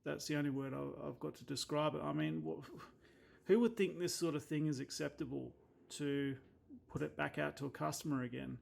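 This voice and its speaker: A blunt Australian man talks through a watch repair at his bench in a casual, exasperated way. His voice sits a little high for a man and has a gravelly, creaky edge. He doesn't hold back from swearing when something annoys him. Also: fairly even intonation, brisk, a little mellow. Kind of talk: casual workbench commentary.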